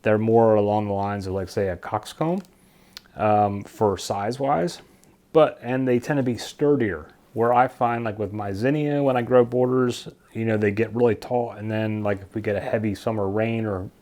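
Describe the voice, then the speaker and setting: A man's voice: on the low side, steady tone, moderate pace, warm tone. A man casually talking to camera about his seeds, rambling and stumbling over plant names he can't pronounce. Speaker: gardening vlogger. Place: basement at home.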